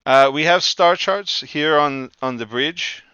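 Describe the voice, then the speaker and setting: A man's voice: a little high, takes it slowly, bright, forceful tone, smooth, no echo, highs cut off. A man running a tabletop game as game master, narrating hesitantly with frequent ums and uhs.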